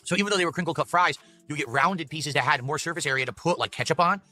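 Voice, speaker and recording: Bright-voiced man reviewing fast food. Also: fairly high pitch, no echo, faint music behind. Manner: measured, descriptive, matter-of-fact.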